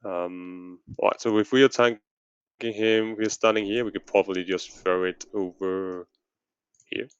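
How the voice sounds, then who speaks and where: Man on voice chat, very deep voice, flat delivery, measured and hedging, lo-fi mic. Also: clear, resonant tone, dry recording. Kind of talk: casual voice chat strategy talk.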